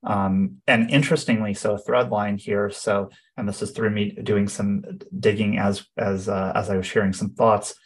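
Husky, low-voiced podcast host. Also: male voice, steady tone, normal speed, hardly any pauses. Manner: thoughtful, with frequent fillers. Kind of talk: casual conversational chat.

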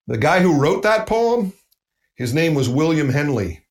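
A man's voice: fairly high pitch, very animated, measured pace. Earnest preacher man in an echoey room. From United States. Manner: earnest, emphatic, repeats phrases for stress. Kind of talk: sermon.

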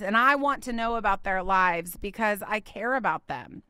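Bright, chatty woman podcast host. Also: mid-range voice, no echo. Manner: chatty, animated storytelling with laughs. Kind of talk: casual faith podcast monologue.

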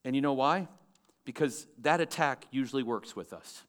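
Preaching to his congregation in a church at normal speed, a male pastor with a medium-pitched voice asks the room questions. When he quotes scripture, he gets loud and animated.

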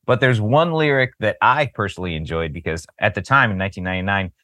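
A man's voice: lowish voice, fast talker, sharp tone, no room sound, studio quality. A man co-hosting a casual music podcast, telling jokey stories and often laughing. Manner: joking storyteller, laughs often. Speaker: podcast co-host. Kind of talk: casual chat.

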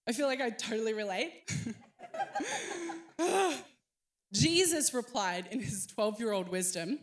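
Animated woman preaching. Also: on the high side, measured pace, long pauses. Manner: animated storytelling, acting out voices. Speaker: pastor. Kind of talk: sermon.

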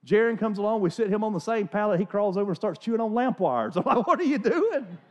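Pastor guy in his 40s preaching, chatty and animated, kinda high voice, muffled sound. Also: fast. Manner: animated, conversational storytelling with restarts. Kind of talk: sermon. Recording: dull lo-fi recording.

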